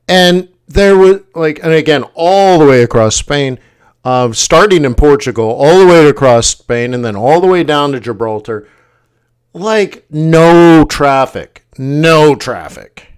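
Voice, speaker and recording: Animated man telling a story, clear voice. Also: on the high side. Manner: animated, jumps into quoted voices, laughs often. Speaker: forex livestream host. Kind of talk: casual livestream storytelling.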